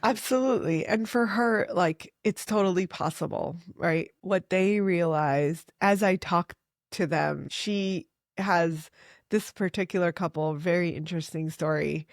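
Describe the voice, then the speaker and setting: Woman, middle-aged, fertility doctor, earnest storytelling, lowish voice, dry close sound. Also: a little slow, no echo. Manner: earnest, animated storytelling with frequent "like". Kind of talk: conversational interview.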